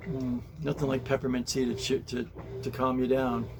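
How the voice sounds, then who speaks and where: This man's medium-pitched voice is flat and moderately paced as he chats to the camera in a casual vlog, first at home and then by a pool. Earnest and homespun, he loves small comforts and rambles with stammers, repeated words and restarted sentences. The background is noisy.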